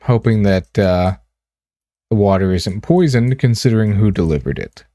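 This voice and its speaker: A man streaming a game, reading text aloud with relaxed, wry asides. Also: fairly low pitch, normal speed, dry recording.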